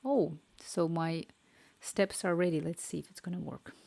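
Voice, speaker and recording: Woman, casual home livestream, gravelly low voice, murmurs to herself. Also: moderate pace, warm tone. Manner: thinks aloud, murmurs and whispers to herself while working. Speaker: live-streaming developer. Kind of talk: casual livestream chat while coding.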